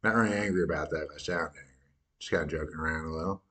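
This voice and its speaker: Deep-voiced man with wry commentary. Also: rapid-fire, bright, forceful tone. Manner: wry, crude, self-correcting. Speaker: podcast host. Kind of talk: comic commentary between clips.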